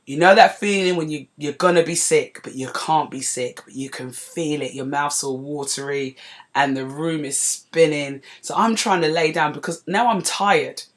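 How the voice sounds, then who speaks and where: A woman in her forties from North London with a London accent, hosting a podcast and telling a story in a lively, chatty way with asides to her listeners. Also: sits low, moderate pace. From North London, England. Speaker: podcast host. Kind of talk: casual storytelling monologue.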